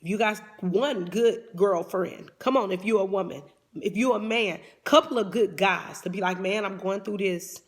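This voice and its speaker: A woman's voice: medium pitch, normal speed. A woman life coach giving a motivational talk in a fervent preaching cadence, often repeating "come on".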